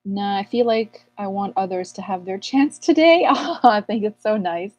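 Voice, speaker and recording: A woman's voice: mid-range voice, moderate pace, darkish tone, highs cut off. A woman astrologer hosting a live Q&A, chatting playfully and calling out viewers' names while getting over an illness. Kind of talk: casual livestream chat.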